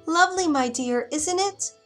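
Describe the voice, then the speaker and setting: A woman voicing an evil queen disguised as a poor old woman, with a squeaky, wheedling, sweet-talking voice. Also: moderate pace, soft background music, lightly acted.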